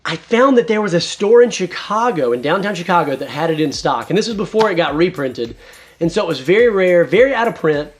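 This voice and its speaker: Animated, enthusiastic man reviewing comics. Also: sits high, a little fast, slight background noise. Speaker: host. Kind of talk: casual video review.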